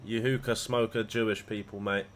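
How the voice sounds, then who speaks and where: A man's voice: fairly low pitch, flat delivery, moderate pace. A man chatting casually on a livestream, rambling and swearing freely as he talks to his viewers. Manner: rambling, profane banter. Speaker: live trading streamer.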